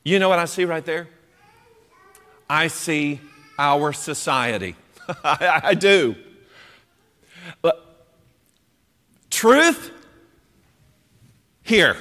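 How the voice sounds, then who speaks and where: A man preaching a sermon in an animated, emphatic way, acting out quoted voices as he goes. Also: fairly high pitch, very slow, pauses often. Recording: long hall reverb.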